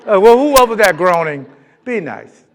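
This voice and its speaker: A man's voice: high-pitched, unhurried. A middle-aged man from Florida, a keynote speaker telling a comic story to a live audience and acting out voices as he goes. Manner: animated, comic, acts out voices in his anecdotes. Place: large event hall.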